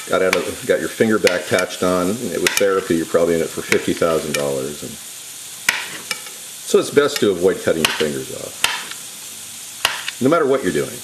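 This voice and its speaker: A man hosting a casual home cooking demonstration in his kitchen, rambling into jokey asides as he works. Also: a bass voice. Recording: sizzling pan noise behind voice. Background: frying and sizzling, knife clicks.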